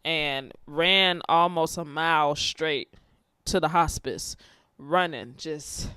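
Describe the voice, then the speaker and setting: Young woman, candid storytelling, smooth clear voice, dry close sound, emotional, restarts often. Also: low-pitched, slow pace, sharp tone, no room sound. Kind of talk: casual personal storytelling.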